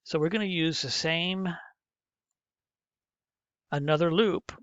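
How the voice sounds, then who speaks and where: A man's voice: fairly high pitch, slow pace, fairly bright tone, no room sound. A middle-aged male teacher walking through a programming lesson step by step, muttering to himself as he types. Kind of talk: screen-recorded coding lesson. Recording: muffled, dull lo-fi mic.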